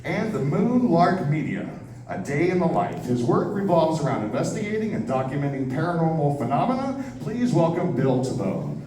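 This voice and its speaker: A man's voice: a little high, sing-song, normal speed. A man introducing a speaker at a convention, playful and leading the crowd in call-and-response. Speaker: event host introducing a speaker. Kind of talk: lively stage introduction with crowd participation. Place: convention hall with an audience. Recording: echoey hall, heard from a distance, noisy crowd.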